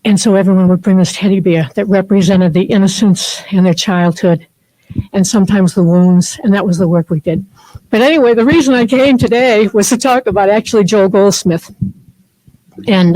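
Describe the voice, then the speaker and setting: A woman's voice: mid-range voice, normal speed, dark tone, dry recording, rough recording. A woman in her fifties, a therapist and spiritual teacher, speaking as a guest in a chapel and telling personal stories in a heartfelt, rambling way full of fillers. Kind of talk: personal spiritual talk to a group.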